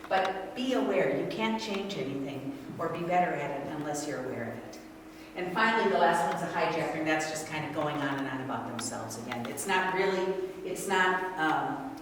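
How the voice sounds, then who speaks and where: Brief: older woman workshop speaker, lowish voice, lively with the audience, distant mic in a big echoey hall. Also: brisk, few pauses. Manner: animated, asks the audience questions. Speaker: speaker leading a parent workshop. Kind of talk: interactive talk to an audience. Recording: echoey hall from far off, noisy.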